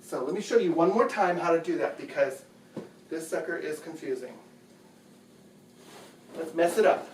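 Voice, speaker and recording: Man, slightly high voice, chatty how-to host, echoey bedroom, mic set back. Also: normal speed, pauses often, a little hiss or hum. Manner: chatty, patient, repeats phrases. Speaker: home video host. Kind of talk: casual how-to demonstration. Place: bedroom at home. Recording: echoey room, distant mic.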